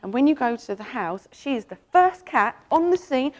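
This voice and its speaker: An animal communicator, giving a lively, enthusiastic presentation and telling stories about pets to an audience. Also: female voice, moderate pace, few pauses. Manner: animated, enthusiastic storytelling with sudden jumps up in pitch.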